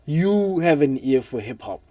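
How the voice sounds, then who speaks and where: A man's voice: fairly high pitch, unhurried, no room sound. Guy rambling on a podcast, dry sound, kinda far from the mic. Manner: animated, mixes English with Setswana, many restarts. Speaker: podcast co-host. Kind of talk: casual chat.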